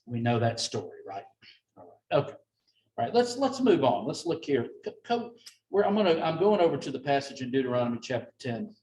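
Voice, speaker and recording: A man leading a Bible study, folksy and conversational, acting out scripture with lively quoted voices. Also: medium pitch, brisk. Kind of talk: informal Bible study teaching. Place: church room with a group. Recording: echoey room, mic at a distance.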